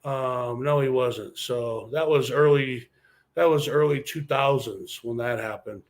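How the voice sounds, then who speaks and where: A man's voice: medium pitch, a little slow. A former wrestler talks through his career in a casual interview. He rambles from one story to the next and swears constantly.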